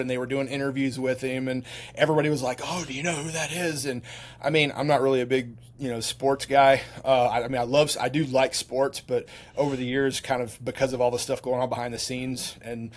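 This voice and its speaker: A man's voice: mid-range voice, level tone, brisk. Rambling veteran man telling stories. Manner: rambling, many restarts and fillers. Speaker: podcast guest, retired Navy SEAL. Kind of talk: casual storytelling.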